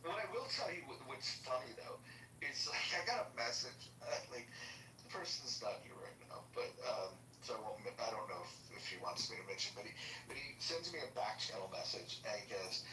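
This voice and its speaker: A bright-voiced man hosts a live debate room in loose casual chat. He hesitates, restarts and fills gaps with "like." His voice sounds roomy and a little distant, with faint noise behind it. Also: medium pitch, very animated, a little fast. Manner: hesitant, filler-heavy, restarts a lot.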